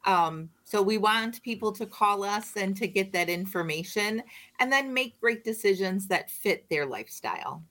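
A woman, a radio guest explaining care options in a measured way with frequent ums. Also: medium pitch, expressive, fairly bright tone. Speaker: manager of a disability and aging resource center. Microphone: studio microphone.

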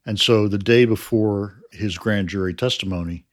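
Speaking on the low side, a contributor to a crime series responds to an interviewer. He explains things carefully, and his sentences often fade out softly.

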